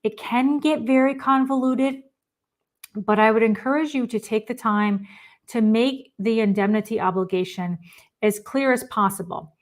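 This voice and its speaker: A woman's voice: on the high side, normal speed. A woman giving a webinar presentation, explaining contract terms in an emphatic, practical way. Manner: explanatory, emphatic, acts out client quotes. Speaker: risk management presenter.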